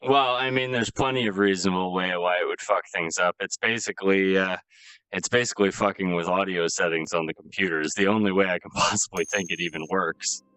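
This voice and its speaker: A man's voice: low-pitched, fairly even intonation, fairly quick, pushed and bright, clear, resonant tone, no room sound. A man streaming a game live, chatting casually with viewers, exasperated and swearing often as he laughs between lines.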